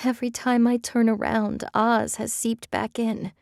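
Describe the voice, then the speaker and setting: A woman voicing an anxious young bride who speaks in a soft, wobbly, pleading voice. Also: on the high side, expressive, measured pace, no room sound, clean studio sound, pitched above the performer's own voice. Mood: distressed.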